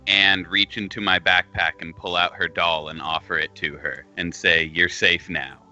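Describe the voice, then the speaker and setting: Deep, bright-toned man playing a tabletop game. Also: steady tone, normal speed, lo-fi sound, soft background music. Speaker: player.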